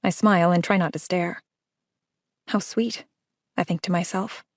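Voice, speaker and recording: A woman's voice: fairly low pitch, flat delivery, a little fast, dry recording, clean studio sound. A woman reading a first-person audiobook, with a wry, conversational delivery. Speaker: audiobook narrator.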